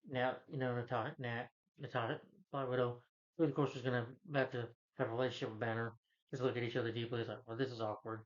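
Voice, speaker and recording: Over lo-fi sound, a medium-pitched male film reviewer recounts a superhero film's plot in a relaxed, meandering way. He restarts sentences frequently, leans on fillers, and quotes characters without altering his voice.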